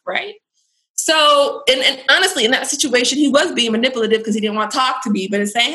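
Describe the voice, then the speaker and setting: A woman giving parenting and relationship advice in a casual chat, animated and acting out bits of dialogue. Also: high-pitched, brisk, echoey room, rough recording. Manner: animated, acts out quoted dialogue.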